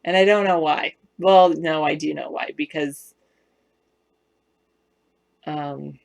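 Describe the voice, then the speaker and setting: A woman with a Southern Californian accent chats on a live stream and answers viewers' comments. Her voice is low and carries a gravelly fry. She talks unhurriedly, rambling and correcting herself as she goes. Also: fairly even intonation, slow pace, darkish tone. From West Virginia, US South. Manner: rambling, self-correcting, chatty.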